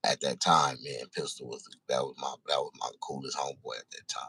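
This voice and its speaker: Deep husky-voiced man telling a story. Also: fairly even intonation, bright, forceful tone, no echo. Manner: profane, halting, repeats himself. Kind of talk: casual spoken storytelling.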